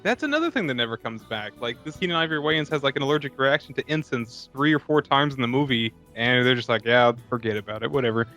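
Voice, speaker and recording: A man co-hosting a podcast, chatting casually about a movie and laughing between animated impressions of its lines. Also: mid-range voice, quick pace, hardly any pauses, faint music behind. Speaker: podcast co-host. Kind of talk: casual movie review chat.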